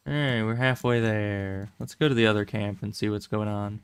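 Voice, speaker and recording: A man's voice: lowish voice, steady tone, moderate pace, few pauses, background noise. A man streaming a game, chatting casually with rambling, wry asides and frequent self-corrections. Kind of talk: casual gameplay commentary.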